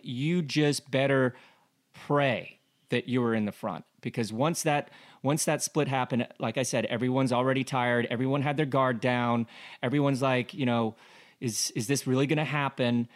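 A man's voice: mid-range voice, steady tone, moderate pace. A man co-hosting a casual cycling talk show, analysing a race with lots of rhetorical questions and fillers. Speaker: cycling podcast co-host.

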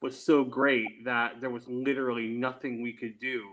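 A man, an attorney, answering interview questions in a measured, deliberate and explanatory way. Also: mid-range voice, level tone, fairly bright tone, rough recording. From Texas. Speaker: guest, attorney.

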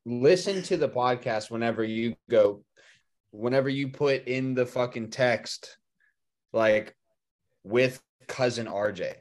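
A man's voice: mid-range voice, slow. A man guesting on a podcast, blunt and crude in casual comedic banter.

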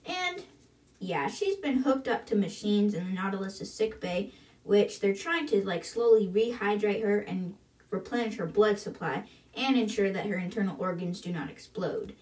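A woman's voice: mid-range voice, expressive, normal speed, a little mellow. Chatty woman recapping a book. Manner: chatty, filler-heavy retelling. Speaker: book podcast host. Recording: roomy, distant from mic.

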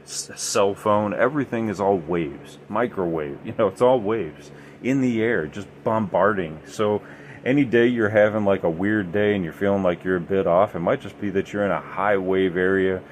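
Rambling low-voiced male storyteller. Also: moderate pace, slight background noise. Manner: rambling, emphatic, many fillers. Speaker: podcast host. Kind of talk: casual storytelling about the paranormal.

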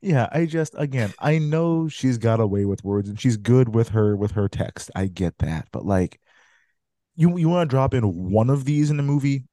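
A man's voice: mid-range voice, lively intonation, normal speed, mellow, no room sound, studio quality. A man hosting a casual movie review chat, blunt and exasperated, who swears freely. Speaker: podcast host.

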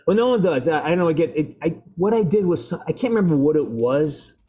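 A man's voice: on the high side, lively intonation, mellow, breathy edge. Rambling male actor chatting. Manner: rambling, halting, laughs often. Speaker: actor guest. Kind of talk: casual interview chat.

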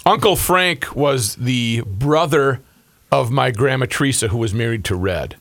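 A man co-hosting a casual chat, telling family stories and jokes with animated delivery. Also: medium pitch, unhurried. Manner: animated storyteller who acts out punchlines.

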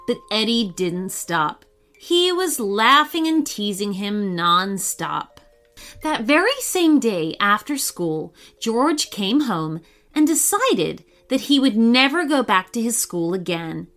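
A woman hosting and narrating a children's story in an expressive, animated read-aloud manner. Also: a little high, slow pace, soft background music. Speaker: host and storyteller.

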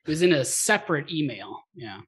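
A man with a bright, forward voice and lively pitch, bantering as a podcast co-host. He cracks quick jokes and laughs a lot. He often trails off and restarts mid-thought. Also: slightly rough. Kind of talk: casual chat.

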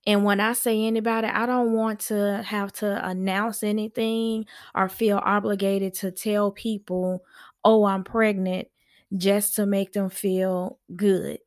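Frank, chatty woman, unhurried podcast host delivering advice. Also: mid-range voice, level tone. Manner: frank, chatty, slow and emphatic. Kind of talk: casual advice monologue.

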